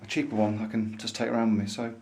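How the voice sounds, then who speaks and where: A man's voice: on the low side, little pitch movement, fast, a little mellow. Chatty enthusiastic man in a shop. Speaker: vlogger. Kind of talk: casual showroom chat to camera. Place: pipe maker's showroom, indoors.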